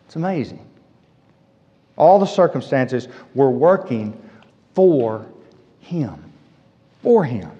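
A man's voice: mid-range voice, animated, takes it slowly, long pauses, warm tone. A man preaching a sermon, emphatic, repeating his key phrases for weight. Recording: dull lo-fi sound with long hall reverb.

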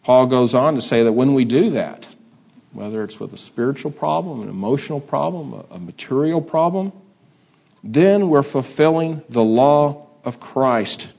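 Older male preacher, unhurried and halting, muffled lo-fi recording. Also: mid-range voice, expressive, vocal fry, a little mellow, slightly rough. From Texas. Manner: halting, many uh fillers, conversational. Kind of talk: sermon. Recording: dull lo-fi sound.

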